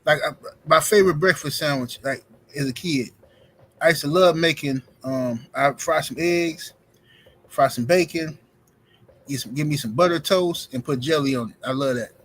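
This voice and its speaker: A man talks in a relaxed, rambling way on a casual podcast. His voice sits slightly high. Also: normal speed, rough recording. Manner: laid-back, rambling. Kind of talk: casual chat.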